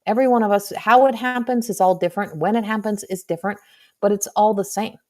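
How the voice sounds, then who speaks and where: A woman's voice: medium pitch, fairly even intonation, fast talker, a little mellow. A woman hosting a live stream as a spiritual medium, talking in a chatty, earnest and frank way, with playful swearing.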